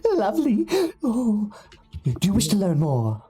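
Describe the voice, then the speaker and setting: A man voicing an excitable hunchbacked male scholar who talks in a high, giggly, stammering rush. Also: a little slow, music in the background, full character voice. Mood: eager.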